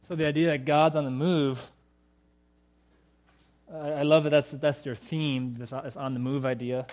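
A male pastor delivers a sermon in a relaxed, conversational way. He keeps putting rhetorical questions to the congregation. His voice is mid-range and ordinary in pitch. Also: normal speed.

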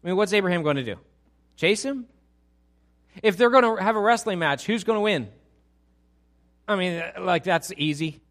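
A middle-aged man preaching a sermon as pastor, animated and full of rhetorical questions to his congregation. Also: high-pitched, moderate pace, pauses often.

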